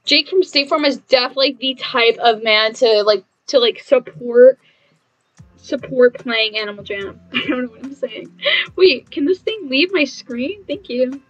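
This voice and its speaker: A woman live-streaming a game in casual chat, bubbly and chatty, reading messages aloud and thanking viewers with excited squeals. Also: sits high, unhurried, dull audio, faint music behind.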